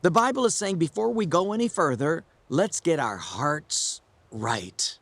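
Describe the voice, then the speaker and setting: A man's voice: on the high side, lively intonation, measured pace, fairly bright tone, no room sound. A male pastor preaching an earnest, encouraging sermon with stories.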